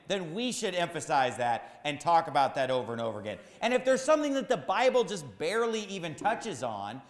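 A pastor with a high-pitched, fairly bright voice preaches a sermon, emphatic and repeating key phrases for stress. The recording carries a long reverb tail.

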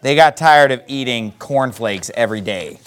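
A man preaching a sermon, reading scripture aloud and mocking whiners with exaggerated voices. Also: normal speed. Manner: preaching with animated high outbursts and scripture reading. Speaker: pastor.

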